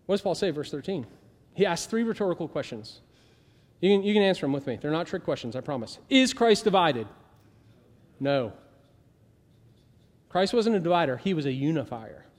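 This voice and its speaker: Animated high-voiced male pastor, reverberant hall. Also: normal speed, pauses often. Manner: conversational, animated, acts out quoted voices. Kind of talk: sermon.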